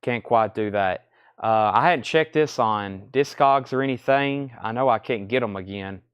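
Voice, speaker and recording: A record seller runs a casual live sale, reeling off album names and prices between bits of chatter. He speaks at a moderate pace in a clean mid-range voice, with a lo-fi sound and no room echo.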